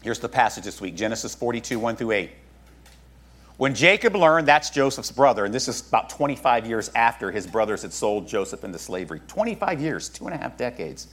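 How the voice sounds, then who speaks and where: A man's voice: mid-range voice, sing-song, fairly quick, fairly bright tone. A man pastor preaching a sermon, talking to his congregation in a conversational way with joking asides.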